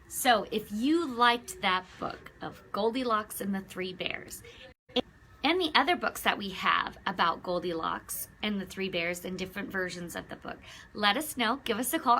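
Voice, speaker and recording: A woman, a children's librarian, reading a picture book aloud to children with lively expression and questions for her listeners. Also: medium pitch, normal speed, a little hiss or hum.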